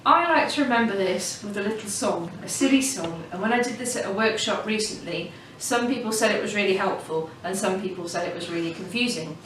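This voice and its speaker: At home during lockdown, a woman teaches children about reading, patient and encouraging, and sings a silly song. Her mid-range voice is fairly bright and brisk with few pauses, recorded far from the mic in an echoey room with faint hiss.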